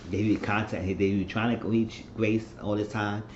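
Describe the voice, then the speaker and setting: A man's voice: fairly low pitch, level tone, moderate pace, a little mellow, a little hiss or hum. A man giving a casual TV episode recap, retelling scenes and acting out the characters' lines. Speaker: TV show recap vlogger. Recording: echoey room, dull lo-fi sound.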